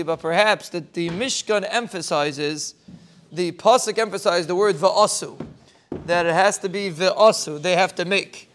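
A rabbi with a high, slightly bright voice offers a short, informal Torah thought, explaining it step by step. He wraps up with a fast, rising string of blessings.

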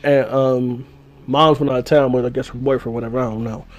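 A young man in casual podcast talk, telling a story with lively sound effects and a voice that climbs when he gets excited. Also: medium pitch, a little fast. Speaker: podcast host.

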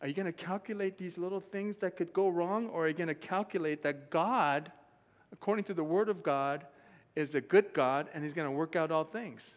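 Animated preacher in a reverberant hall. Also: male voice, on the high side, normal speed. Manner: animated storytelling, acts out quotes, laughs often. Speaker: pastor. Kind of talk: sermon. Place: church sanctuary.

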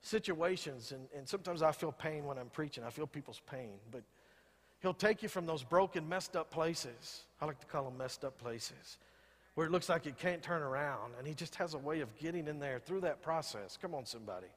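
A middle-aged pastor preaching a sermon with emphatic, repeated rallying calls to the congregation. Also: male voice, on the high side, a little fast. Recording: long hall reverb.

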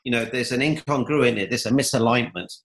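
Bright-voiced motivational man. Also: medium pitch, fast, reverberant, low-quality recording. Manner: upbeat, motivational, tells stories. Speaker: guest, coach. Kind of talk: interview answers.

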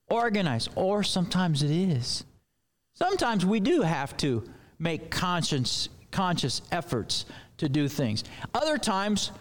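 Conversational New preacher man, higher voice. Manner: conversational, rambling asides. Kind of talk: sermon.

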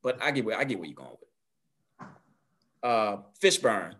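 A man co-hosting a casual movie discussion podcast, animated and laughing, swearing freely. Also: fairly low pitch, moderate pace. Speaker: podcast co-host.

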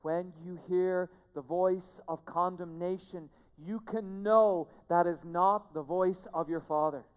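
A pastor preaching a sermon to a church, emphatic, repeating key phrases and swinging between hushed and loud delivery. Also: mid-range voice, steady tone, takes it slowly, hardly any pauses, smooth, dull audio. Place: church sanctuary. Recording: long reverb of a large hall.

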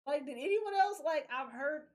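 A young adult woman hosting a podcast in casual chat, animated and profane, laughing often. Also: sits high, moderate pace. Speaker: podcast host.

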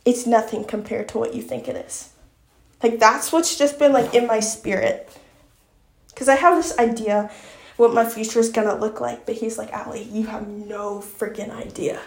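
A chatty woman with a Southern American lilt, her voice sitting a little high as she gushes and rambles through a casual podcast episode. She reads passages from her own book too. The sound is roomy, with noticeable echo off the walls. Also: moderate pace, creaky. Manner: chatty and effusive, with many fillers like "like". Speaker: podcast host.

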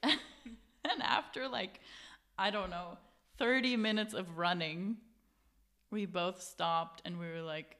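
Animated young woman telling a story. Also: lowish voice, slow pace, pauses often. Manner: animated, acts out quotes, swears, laughs often. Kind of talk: casual chat.

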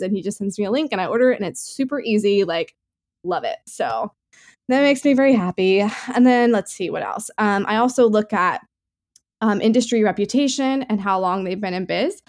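A woman's voice: mid-range voice, animated, a little fast, a little mellow. Chatty woman co-hosting a podcast. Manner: chatty, filler-heavy, upbeat. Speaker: podcast co-host. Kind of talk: casual chat.

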